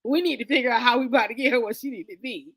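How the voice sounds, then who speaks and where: A woman who is a guest on a podcast, telling personal stories in an expressive, chatty way and often chiming in with agreement. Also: fairly high pitch, no echo. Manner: expressive, chatty, quick to affirm. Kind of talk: casual storytelling chat.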